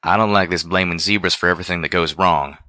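A man's voice: deep voice, steady tone, fast talker, bright, forceful tone, no echo, clean studio sound. A man reading a storybook voices a caring but stubborn farm-pony mare who speaks in a folksy country dialect. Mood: stern.

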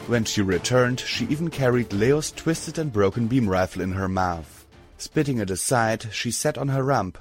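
A man narrating a storybook in a steady, measured way. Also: on the low side. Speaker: audiobook narrator. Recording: dry close mic, faint music.

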